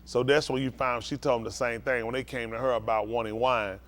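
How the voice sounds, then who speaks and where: A pastor preaches and teaches scripture in a mid-range, fairly bright voice, speaking fairly quickly with fairly even intonation. In a call-and-response style, he keeps asking listeners whether they follow.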